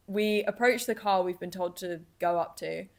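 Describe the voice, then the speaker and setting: A young woman hosting a podcast, telling a travel story in a lively, casual way, full of "like" and "kind of". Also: fairly low pitch, normal speed. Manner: chatty, lively, filler-heavy with "like" and "kind of". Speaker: podcast host.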